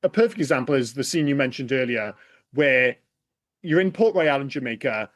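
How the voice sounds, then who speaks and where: A man co-hosting a podcast, chatting casually about a film in an animated, exasperated way and swearing often. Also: medium pitch, brisk, no echo. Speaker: podcast co-host. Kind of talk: casual film review chat.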